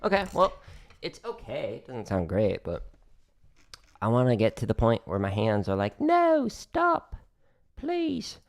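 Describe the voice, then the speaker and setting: A man's voice: fairly low pitch, expressive, moderate pace, pauses often, a little hiss or hum. A man casually explaining drum exercises on his practice livestream, chatty and joking as he goes.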